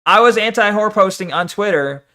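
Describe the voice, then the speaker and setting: Man, high voice, bright tone, profane mocking rant, streamer reaction. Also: expressive, normal speed. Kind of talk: casual reaction commentary.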